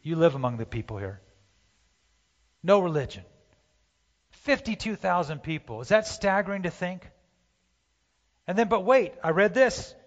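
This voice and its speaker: A man preaching a sermon, impassioned, swinging from loud urging to hushed pleading, recorded in a church sanctuary. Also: high voice, animated, moderate pace. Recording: dull, roomy church hall sound.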